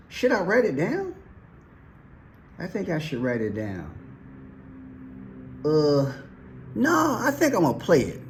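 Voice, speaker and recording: A man's voice: fairly high pitch, a little hiss or hum. A man giving casual, joking commentary, folksy and talking straight to his viewers. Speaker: commentary vlogger.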